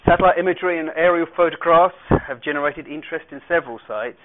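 A man's voice: on the high side, fast talker. A man leading a Bible study, reading verses aloud and explaining them with light asides. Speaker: Bible teacher. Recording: tinny phone-like radio sound.

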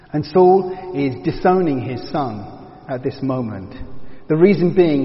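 A man teaching verse by verse through a Bible passage, reflective and explanatory, often dropping to a hushed tone for emphasis. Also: mid-range voice. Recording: dull reverberant hall sound.

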